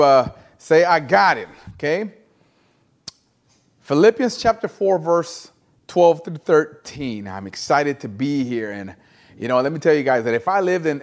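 A male guest pastor preaching an online sermon, pressing listeners to repeat and type phrases back to him in call-and-response. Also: medium pitch.

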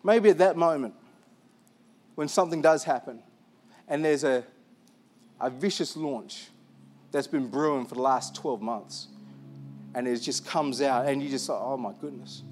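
A male pastor preaching a sermon to his church, animated and self-deprecating as he tells stories about himself. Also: medium pitch, unhurried, long pauses, slight background noise.

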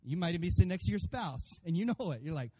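A pastor preaching a sermon to his congregation, animated and playful, acting out voices and calling for amens. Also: high-pitched, fast. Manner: animated, acts out funny voices for God and congregants; addresses congregation by name, calls for amens.

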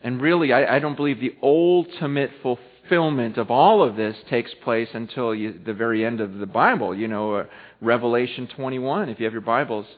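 A male pastor preaching a sermon in church, swinging between loud, impassioned stretches and hushed ones. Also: medium pitch, normal speed. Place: church hall. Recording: echoey hall over tinny phone-like audio.

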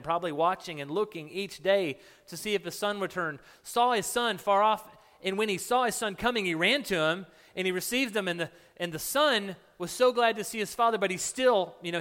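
A man's voice: high-pitched, a bit bright. A man leading a Bible study as pastor, retelling the story casually with many restarts and putting questions to his listeners. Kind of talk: conversational sermon with audience questions. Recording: long hall reverb.

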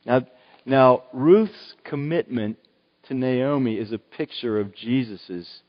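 A man's voice: medium pitch, slow pace. An older man from Oklahoma preaching a sermon, earnest and emphatic, often restarting his phrases. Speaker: pastor. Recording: dull, echoey hall recording.

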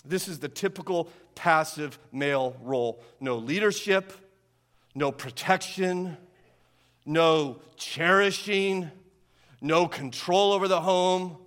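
A man with a notably high voice preaches in a relaxed, conversational way, often tossing out a quick "right?" to his congregation. His words ring out with a long reverb tail from a large hall. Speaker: pastor. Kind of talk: sermon.

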